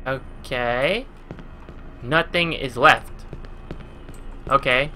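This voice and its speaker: Speaking extremely slowly in a medium-pitched, sharp voice, with slight background noise, a man in his twenties from New Jersey narrates a horror game from his home gaming computer. This let's play gamer is jumpy, cursing constantly and yelping when scared.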